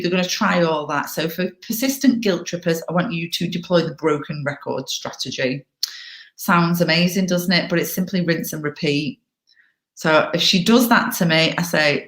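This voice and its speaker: Breezy woman with a lowish voice. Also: normal speed. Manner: upbeat, chatty, breezy. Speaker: workshop presenter. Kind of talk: online workshop presentation. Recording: echoey room.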